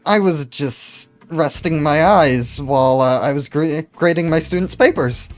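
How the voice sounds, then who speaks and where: A man's voice: on the high side, measured pace, faint music behind, natural voice. Man doing a stammering nervous professor. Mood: flustered. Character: flustered timid male professor.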